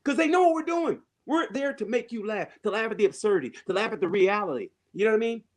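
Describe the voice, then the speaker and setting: A man who works as a stand-up comedian, telling stories in casual podcast chat, animated, laughing often and swearing freely. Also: high-pitched, fast talker.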